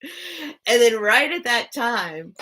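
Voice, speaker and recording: A woman's voice: a little high, very animated, slow, fairly bright tone, breathy edge. A woman hosting a live sale stream, casually telling a personal story to her chat, full of "like" fillers and greeting viewers by name.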